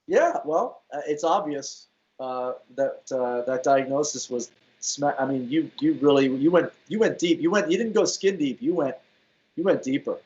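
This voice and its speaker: A man hosting a comedy talk show, playful and quick to laugh, often restarting his sentences. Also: a little high, lively intonation, darkish tone, highs cut off. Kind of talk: casual comedic chat.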